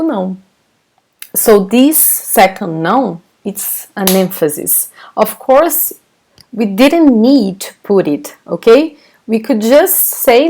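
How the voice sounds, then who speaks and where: A woman with a Brazilian Portuguese accent teaching a live online class. She talks slowly and patiently, explaining each step and reading out questions from the chat. Her voice sits in a medium pitch. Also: darkish tone.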